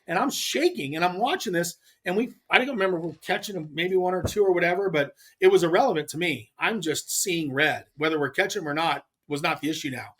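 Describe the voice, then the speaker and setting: A man, a guest on a talk show, telling a rambling story with animated, acted-out dialogue. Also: sits high, fast, hardly any pauses. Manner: animated, acts out quoted dialogue; rambling with restarts. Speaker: podcast guest, pro angler. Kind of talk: casual storytelling.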